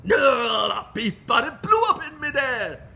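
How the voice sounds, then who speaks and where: Man doing a shouty southern English farmer. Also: very animated, a little slow, creaky, exaggerated voice. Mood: excited, shouting. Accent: southern English, put on. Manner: high, loud, shouting punchlines. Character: boastful male southern English farmer in a pub.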